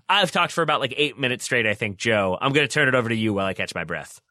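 A man with a bright, forward voice talks through soccer tactics in long, run-on stretches, stumbling over his own words as he goes. He is co-hosting a podcast, and the sound is dry and close. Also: lowish voice, fast talker, dry recording. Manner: long animated run-on talk with restarts. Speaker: podcast co-host. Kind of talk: casual soccer analysis chat.

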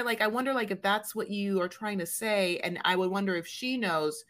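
A woman's voice: medium pitch, steady tone, normal speed, few pauses, fairly bright tone. A woman co-hosting a podcast in casual chat, rambling with many fillers and playfully mimicking people. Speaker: podcast co-host.

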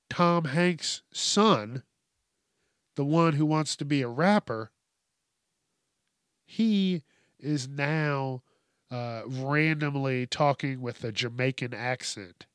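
A man's voice: mid-range voice, fairly bright tone, no room sound, clean studio sound. A man hosting a comedic news show, ranting with heavy swearing and frequent laughter in a mocking tone. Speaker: host. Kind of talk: profane comedic news rant.

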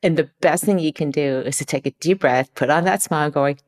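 A woman's voice: sits low, a little fast. A woman guest in a conversational interview, talking earnestly and acting out quoted lines. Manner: earnest, acts out quoted dialogue.

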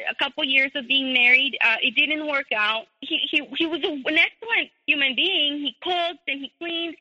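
A woman's voice: high-pitched, sharp tone. A woman guest telling her personal story, hesitant with many fillers. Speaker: interview guest. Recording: tinny phone line with long reverb.

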